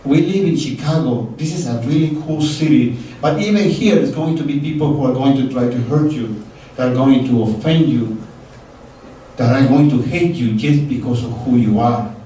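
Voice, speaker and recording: A man's voice: medium pitch, normal speed, warm tone, a little hiss or hum. Earnest middle-aged man, Spanish native, echoey hall. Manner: earnest, heartfelt, acts out dialogue. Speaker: storyteller. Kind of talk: live personal storytelling. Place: stage in a live venue. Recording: very echoey hall, distant mic.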